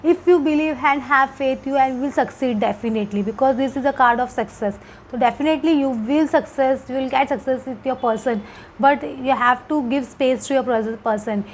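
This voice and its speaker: A woman's voice: sits high, moderate pace, a little hiss or hum, poor audio. A woman giving a casual tarot card reading, hesitant and repetitive, with many fillers. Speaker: tarot reader.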